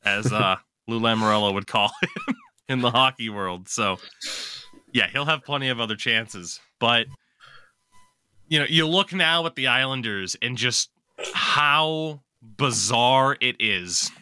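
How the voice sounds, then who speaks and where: A man's voice: medium pitch, huge pitch swings, measured pace, pushed and bright, clean tone, no echo, studio quality. A man hosting a podcast, chatting casually about sports and joking often with a bit of profanity. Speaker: podcast host.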